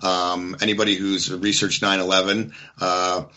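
A man speaking as a guest in a casual political talk, in a measured, somewhat hesitant way with pauses. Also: sits low, level tone, bright, forceful tone, muffled recording.

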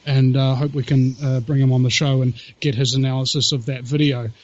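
A man hosting a podcast, talking in an excitable, rambling way with many fillers and speaking straight to his audience. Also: mid-range voice, a little fast, dull audio. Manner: addresses the audience directly. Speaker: show host. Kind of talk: casual podcast talk.

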